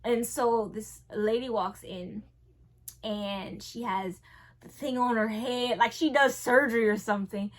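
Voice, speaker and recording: A young woman, telling a casual storytime vlog. She swings between hushed and loud. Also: on the high side, fairly even intonation, unhurried. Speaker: vlogger.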